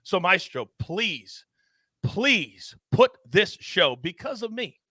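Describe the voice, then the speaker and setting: A man hosting a sports betting show, animated and theatrical, swinging his voice up and down for emphasis. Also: slow pace, no room sound, studio quality. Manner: animated and theatrical, big swings in pitch and volume. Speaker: host.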